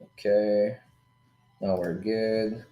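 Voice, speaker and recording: A man's voice: on the low side, steady tone, very slow, warm tone, reverberant. A man hosting a casual live stream about forex trading, talking loosely to his viewers and swearing now and then. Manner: loose, chatty, swears casually, calls the audience "guys" and "dude". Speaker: livestream host teaching forex trading. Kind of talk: casual live-stream chat and trade breakdown.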